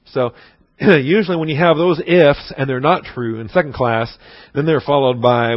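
A man's voice: a little high, moderate pace, no echo, highs cut off. A man giving a conversational, emphatic sermon-style Bible lesson with frequent restarts. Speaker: Bible teacher.

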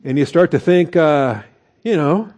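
A man's voice: on the high side, animated, a little slow, darkish tone. A man preaching a conversational sermon as pastor, with asides and chuckles.

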